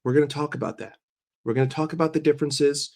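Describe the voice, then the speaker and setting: A man's voice: on the high side, steady tone, quick pace, gravelly, darkish tone. A man hosting a casual livestream while sick and congested, chatting with viewers, greeting them by name and often repeating himself. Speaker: livestream host.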